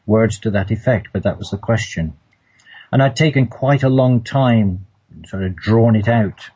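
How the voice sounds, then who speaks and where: A man's voice: on the low side, measured pace, mellow, breathy edge, low-quality recording. A man telling a personal story in a casual, hesitant way, often repeating words and restarting. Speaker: storyteller recounting a personal trip.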